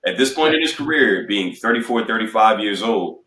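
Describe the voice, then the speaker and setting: A man's voice: lowish voice, lively intonation, brisk, pushed and bright. Laid-back man in an echoey room. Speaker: podcast co-host. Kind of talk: casual sports chat. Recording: echoey room, mic at a distance.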